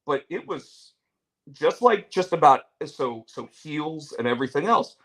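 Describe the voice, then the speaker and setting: A man hosting a casual chat show, with a lively voice that rises and falls a lot. He rambles along and keeps restarting his sentences as he tells a story. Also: on the high side, measured pace. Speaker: show host.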